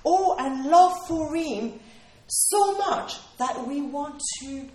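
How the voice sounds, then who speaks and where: A woman's voice: high voice, animated, slow pace, mellow. A woman preaching a sermon in an earnest, emphatic way, repeating her key phrases for weight. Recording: roomy hall echo.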